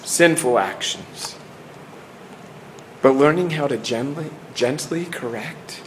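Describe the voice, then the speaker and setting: Slight background noise sits under a middle-aged man preaching earnestly in a medium-pitched voice. He often starts phrases over and lets them fall away into pauses.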